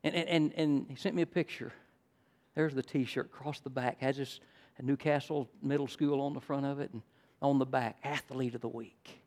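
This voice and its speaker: An older man preaching a sermon, teaching in a friendly way and rising to loud, emphatic stresses. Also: mid-range voice, steady tone, moderate pace. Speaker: pastor.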